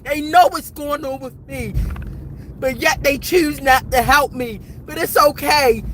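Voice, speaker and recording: A woman's voice: sits high, unhurried, fairly bright tone, a little hiss or hum, poor audio. A woman in her forties recording an impassioned, rambling vlog rant outdoors at night, repeating herself as she talks. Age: 40s. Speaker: vlogger.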